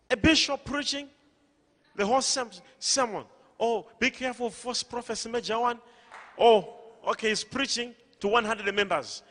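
Male preacher, high bright voice, forceful call-and-response delivery, in a big echoing church hall. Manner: emphatic, repetitive, rising to shouts.

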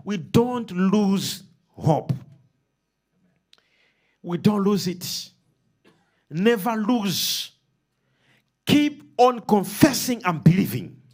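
A man preaching a sermon, leading the congregation in call-and-response and swinging between loud, emphatic lines and soft ones. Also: high-pitched, sing-song, very slow, pauses often.

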